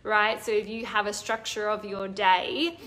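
Her mid-range voice is sharp, with fairly even intonation and a slightly slow pace, as she enthusiastically hosts a live online coaching stream and reads out viewer comments.

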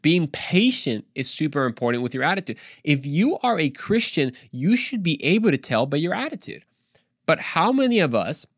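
A man's voice: mid-range voice, no room sound. Casual young man preaching, dry sound. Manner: informal, slangy and animated, with quick asides. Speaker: podcast preacher. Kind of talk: casual devotional talk.

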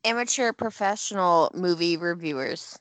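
A woman's voice: fairly low pitch, normal speed, very noisy. A woman co-hosting a casual movie-review podcast, dropping dry, joking asides. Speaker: podcast co-host.

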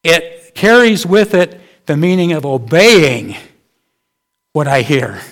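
A man's voice: fairly high pitch, lively intonation, slow pace, fairly bright tone. A male pastor preaching a sermon in a conversational way, asking his listeners rhetorical questions.

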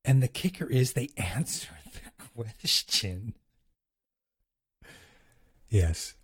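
A man's voice: medium pitch, animated, very slow, slight background noise. A man hosting a casual vlog, talking through his recorded audio clips, chuckling often and restarting sentences. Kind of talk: casual chatty commentary.

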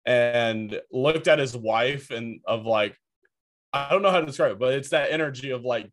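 A man's voice: mid-range voice, normal speed. A young man telling a work story in a casual podcast chat, rambling and full of filler words. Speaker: podcast co-host.

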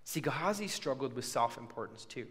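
A man's voice: medium pitch, animated, a little fast, fairly bright tone, long reverb tail. A man preaching a sermon, telling a story and acting out the people's words with casual asides. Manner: storytelling with acted-out quotes and asides.

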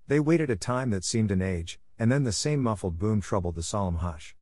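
A man narrating a classic novel in a measured, expressive storybook reading. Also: lowish voice, no room sound, studio quality. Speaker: audiobook narrator.

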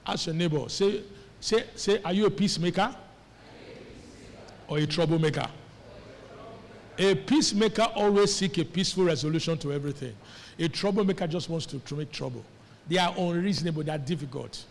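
A man preaching a sermon as pastor, animated and calling on the congregation to answer him. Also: on the high side, fast talker, gravelly, a little hiss or hum. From Nigeria. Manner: animated, calls on the congregation to respond. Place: church hall. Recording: echoey church hall.

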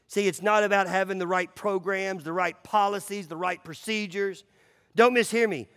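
In a large hall, a man preaches a sermon as pastor, speaking casually with filler words. His intonation is fairly even and his pace moderate as he swings between loud, emphatic runs and hushed, low drops.

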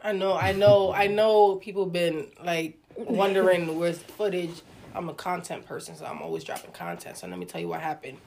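Slangy woman telling a lively story. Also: lowish voice, normal speed, creaky, few pauses, a little hiss or hum. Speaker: podcast host and music manager. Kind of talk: casual chat.

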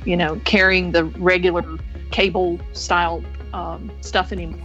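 A woman's voice: on the low side, flat delivery, normal speed, fairly bright tone, lo-fi sound, faint music behind. A woman with an English accent, a podcast guest chatting playfully and laughing often. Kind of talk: casual chat.

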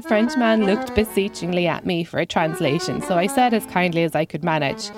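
Deadpan woman telling a story over music. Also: on the low side, fairly quick, hardly any pauses. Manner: dry, self-mocking humor. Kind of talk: scripted personal story.

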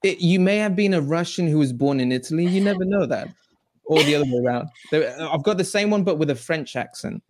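A man hosting a casual podcast interview, easygoing and chuckling, often stumbling into quick restarts. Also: fairly high pitch, animated. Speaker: podcast host.

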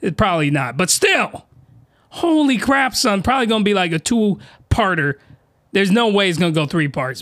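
A man hosting a solo podcast, ranting in slangy, excitable bursts and shouting when he gets worked up, close to his desk microphone. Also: very high voice, normal speed. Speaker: podcast host reviewing anime. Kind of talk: animated solo podcast rant.

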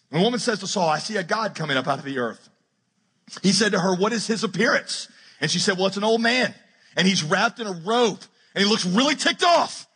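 A man preaching a sermon as pastor, joking and acting out Bible characters in quick asides. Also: high voice, lively intonation, bright, forceful tone, slightly rough. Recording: preached in a large hall with long reverb.

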